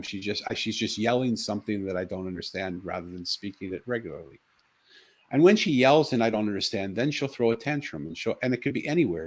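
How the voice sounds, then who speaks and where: Low-voiced middle-aged man telling a story. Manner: earnest, animated storyteller with frequent restarts. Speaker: talk show co-host. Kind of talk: casual chat, storytelling.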